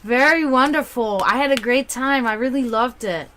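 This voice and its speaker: A woman speaks English with a German accent that carries a faint Slavic touch, in a slightly raised pitch. She chats casually and bubbly as a livestream host, her pitch and loudness leaping up and dropping low. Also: slight background noise. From half German, half Serbian. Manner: chatty, bubbly, quick swings in pitch and loudness. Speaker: psychic reader and livestream host.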